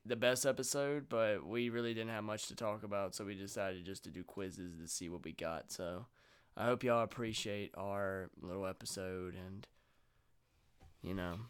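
A man's voice: mid-range voice, a bit bright, clear, resonant tone. A man hosting a podcast in a casual chat, laid-back and swearing freely. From Virginia, US. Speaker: podcast host.

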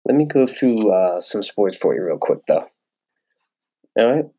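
A man's voice: fairly low pitch, sing-song, unhurried, mellow, husky, no room sound, studio quality. A young man hosting a casual solo sports podcast, rambling and swearing freely with lots of fillers. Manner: rambling and profane, with frequent fillers. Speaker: podcast host.

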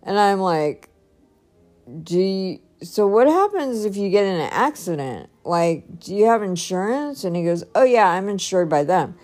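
A woman's voice: medium pitch, big pitch swings, a little slow, a little mellow, faint music behind. A woman talking casually in a personal vlog, chatty and rambling, laughing often. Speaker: vlogger.

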